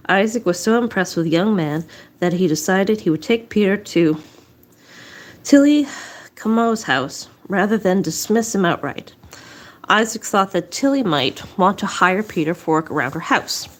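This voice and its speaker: A woman reading local history aloud in a casual way, out of breath, stumbling and restarting, with dry asides. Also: medium pitch. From southwest Nova Scotia. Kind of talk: casual read-aloud narration.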